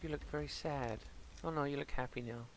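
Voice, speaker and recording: A man's voice: mid-range voice, a little fast, a little hiss or hum. A British man, a streamer and father, chatting casually through a game, rambling and talking back to the characters on screen. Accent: British English. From England. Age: adult with a son. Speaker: gaming streamer. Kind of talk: casual gameplay commentary. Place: home streaming setup with green screen.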